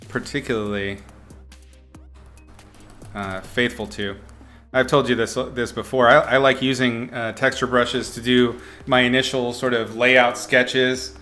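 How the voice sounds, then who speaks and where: A man's voice: medium pitch, little pitch movement, slow, long pauses, sharp tone, faint music behind. A man teaching art on a livestream, giving casual critiques in a playful, upbeat way with mock-brutal jokes. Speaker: art instructor streaming.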